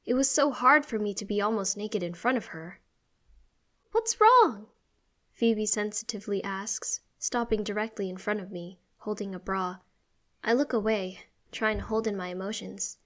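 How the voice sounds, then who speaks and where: A woman reading a story aloud in first person with a steady, expressive delivery. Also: mid-range voice, moderate pace. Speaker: story narrator.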